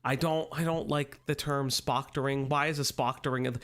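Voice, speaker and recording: A man with a mid-range, fairly bright voice talks at an ordinary pace and keeps his tone steady. He's running a laid-back livestream from his home streaming room on a desk mic, singing his hellos to chat playfully and rambling in asides.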